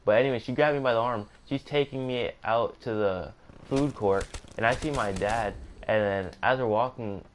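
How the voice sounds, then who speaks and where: A man's voice: medium pitch, moderate pace, a little hiss or hum. A young man casually narrating a storytime, rambling with self-corrections and joking asides. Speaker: gaming streamer.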